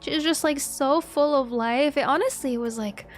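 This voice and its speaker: A young woman chatting casually as a streamer, giggly and excitable, swearing freely. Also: sits high, normal speed, faint music behind. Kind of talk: casual chat.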